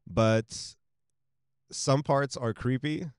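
A man co-hosting a podcast in casual chat, telling stories in a profane, animated way into a close podcast mic. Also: mid-range voice, drawn-out words, clean tone, dry recording. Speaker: podcast co-host.

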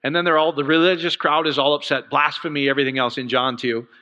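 A middle-aged man preaching a casual, conversational sermon, animated and rising to fervent outbursts with asides. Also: fairly high pitch, fast, in a large hall.

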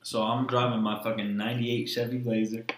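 A man's voice: mid-range voice, level tone, brisk, reverberant, noisy background. A young man hosting a podcast, telling a long story in casual chat, swearing often and wandering between tangents. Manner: profane, rambling storytelling. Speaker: podcast host.

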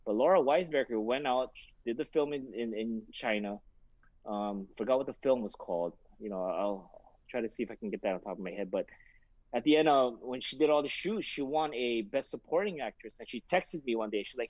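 A man with a mid-range voice, a boxing trainer being interviewed casually, rattles off stories at a brisk clip. He's animated, voices the characters he quotes, and fills his speech with fillers, captured in dull, muffled lo-fi sound with no echo.

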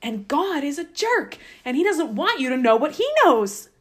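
A woman's voice: sits high, big pitch swings, moderate pace, a bit bright, voice pushed up. A woman voicing a sly, chatty male snake tempter who teases and drops into conspiratorial whispers.

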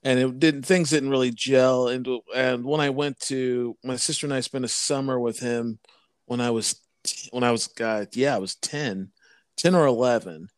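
Man, casual chat, dry jokes, smooth resonant voice, mid pitch. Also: fairly even intonation, moderate pace, dry recording. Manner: laid-back, laughs often, dry humor.

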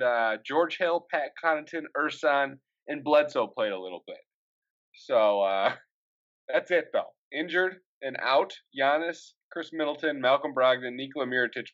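A man's voice: mid-range voice, normal speed, a bit bright. A young man co-hosts a casual sports podcast, laughing often and rattling through team news and player lists. His voice comes through a slightly dull, lo-fi recording. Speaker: podcast co-host.

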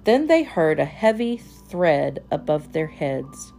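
A woman narrating a children's storybook in a gentle, measured manner. She reads very slowly in a lowish, mellow voice. Soft music plays faintly behind her. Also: very animated, creaky. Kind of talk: storybook read-aloud narration.

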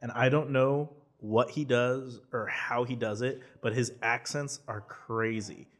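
A young man co-hosting a movie podcast, talking excitedly and rambling, laughing often. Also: medium pitch, a little slow. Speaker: podcast co-host. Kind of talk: casual chat about movies.

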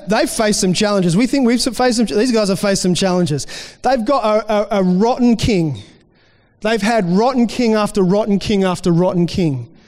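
A man with a high voice preaches to his congregation, chatty and loose, restarting phrases as he talks them through. His voice rings out with a long hall reverb behind it. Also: darkish tone. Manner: conversational preaching with restarts and acted-out quotes. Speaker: pastor. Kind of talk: sermon.

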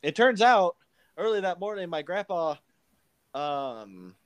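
A man's voice: high-pitched, sing-song, takes it slowly. A man hosting a podcast, chatting casually and laughing as he tells stories. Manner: laughs through his own stories. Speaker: podcast host. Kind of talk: casual chat.

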